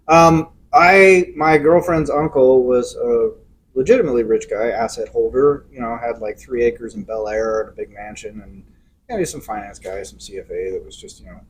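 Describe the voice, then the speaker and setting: A man's voice: mid-range voice, slight background noise, poor audio. A middle-aged man telling a long anecdote in casual podcast chat, acting out quotes along the way. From Los Angeles area. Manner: rambling anecdotal storyteller, acts out quotes. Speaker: podcast co-host.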